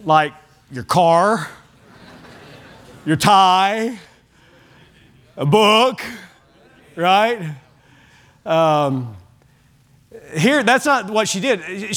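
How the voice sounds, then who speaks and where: Middle-aged pastor guy preaching in church, fairly high voice, folksy, keeps restarting his words. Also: a bit bright. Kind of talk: evening sermon. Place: church sanctuary.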